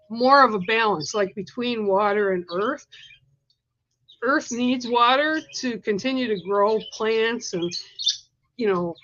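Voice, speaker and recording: A woman giving a livestreamed oracle card reading with a gentle, reassuring manner, coughing now and then. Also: fairly high pitch, dull audio, a little hiss or hum. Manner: gentle, reassuring, coaxing with "right?" and "okay?". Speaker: spiritual card reader.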